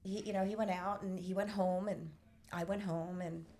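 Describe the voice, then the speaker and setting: A middle-aged woman telling a painful family story candidly, pausing often with fillers. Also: on the low side, fairly even intonation, mellow. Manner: candid, halting with many fillers. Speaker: podcast host. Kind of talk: personal storytelling in conversation.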